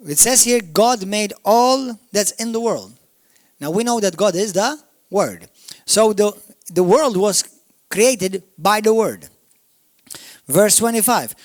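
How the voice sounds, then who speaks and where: A man with a Maltese accent preaching a sermon, emphatic, swinging from shouts down to murmurs. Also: sits high, lively intonation, slow, no room sound. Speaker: pastor. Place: church.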